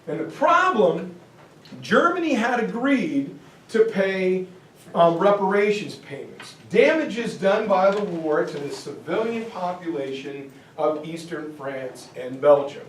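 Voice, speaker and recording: A male history teacher giving a jokey, animated lecture. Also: high voice, measured pace. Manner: animated, joking, slips into comic voices. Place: classroom or hall. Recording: echoey room, far from mic, faint hiss.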